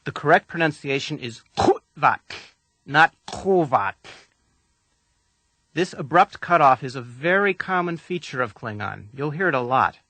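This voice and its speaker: Male instructor, scripted lesson read, patient and deliberate, bright tone, dry booth sound. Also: a little high, dry recording. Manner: calm, deliberate, patient coaching. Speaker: language instructor.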